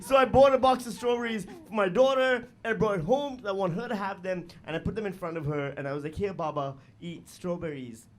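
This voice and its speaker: A man performing a stand-up comedy set on stage, animated, with loud bursts and mocking voices. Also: high-pitched, fast, few pauses, a little hiss or hum. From Pakistan. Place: live comedy venue with audience.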